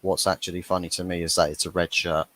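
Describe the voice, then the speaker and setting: A man's voice: sits low, flat delivery, brisk, a bit bright, no room sound. A young man hosting a fan watchalong, chatting casually through the match and laughing at his own jokes. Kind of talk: live match reaction commentary.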